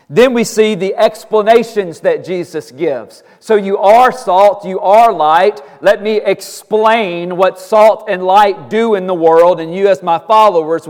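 Emphatic high-voiced male preacher, reverberant hall. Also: darkish tone. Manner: deliberate, emphatic preaching with repeated phrases. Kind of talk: sermon.

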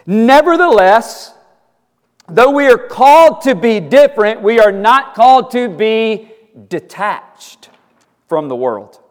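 A man preaching a sermon, deliberate and emphatic, stressing key phrases through repetition. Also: high-pitched, sing-song. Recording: hall reverb.

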